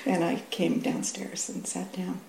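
Soft-spoken woman giving a dharma talk. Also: on the low side, completely flat delivery, vocal fry. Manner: halting, many restarts and fillers, laughs often. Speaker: dharma teacher. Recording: echoey room with faint hum.

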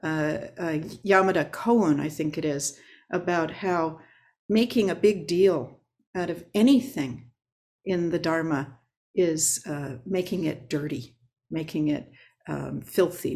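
A woman Zen teacher giving a dharma talk, unhurried and reflective, pausing often on filler sounds. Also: low-pitched, a little mellow.

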